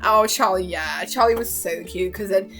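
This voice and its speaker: A young woman chatting casually as a vlogger, excitable and gushing, laughing often and acting out lines. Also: mid-range voice, normal speed, faint music behind. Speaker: vlogger reviewing a TV season. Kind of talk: casual chat.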